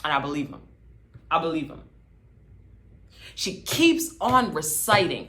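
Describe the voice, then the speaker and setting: A woman's voice: high voice, sing-song, unhurried, pauses often, a bit bright. A woman hosting a casual TV recap, talking in a sassy, gossipy, dramatic way. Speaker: host.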